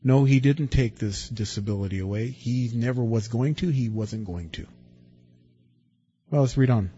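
Husky guy preaching, chatty, lots of questions, swings loud then quiet, dull lo-fi recording with faint music behind. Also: medium pitch, normal speed. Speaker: pastor. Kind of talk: sermon.

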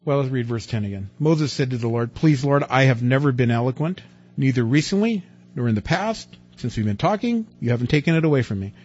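A man preaching a sermon in a conversational way, asking rhetorical questions and swinging from loud to quiet. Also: mid-range voice, expressive, a little fast. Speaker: pastor. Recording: dull lo-fi recording with faint music.

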